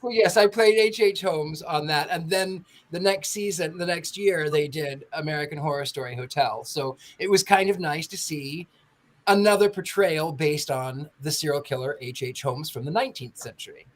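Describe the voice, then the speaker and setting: An animated woman spins a story for a panel of friends. She slips into the voices of the people she quotes and keeps the telling lively. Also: deep voice, normal speed. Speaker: podcast panelist telling an anecdote. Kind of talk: casual storytelling chat.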